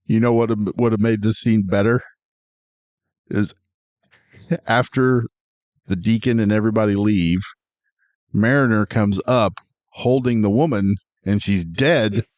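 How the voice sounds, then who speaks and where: A man's voice: fairly low pitch, a little slow, long pauses, darkish tone, dry recording. A man co-hosting a film review podcast, laid-back and joking in casual chat.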